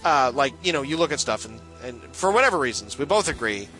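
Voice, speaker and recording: Rambling man with a bright voice. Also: mid-range voice, very animated, soft background music, low-quality recording. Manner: rambling, halting, full of restarts and laughs. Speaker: podcast co-host. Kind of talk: casual chat, reading a listener's letter aloud.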